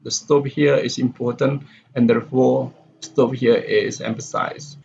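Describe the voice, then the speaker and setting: A man lecturing on pronunciation reads example sentences and then walks through where the stress falls. His voice is medium-pitched, steady and darkish, with vocal fry and a measured pace. It's a dull, lo-fi recording with faint background noise.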